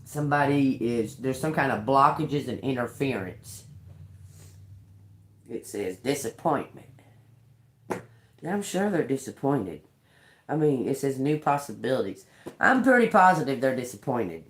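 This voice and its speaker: A woman giving a live tarot reading, ranting in a profane, animated way and laughing often. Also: a bass voice, normal speed. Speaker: tarot reader. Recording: roomy echo.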